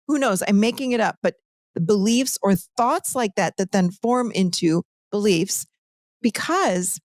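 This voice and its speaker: Animated woman telling stories. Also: mid-range voice, dry recording, clean studio sound. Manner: animated, lively storytelling. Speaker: podcast guest, author. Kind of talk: conversational teaching.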